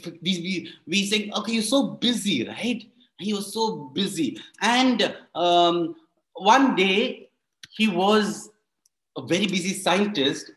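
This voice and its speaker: A man's voice: high-pitched, a bit bright. A man telling a story performatively to children and adults, often quizzing the audience.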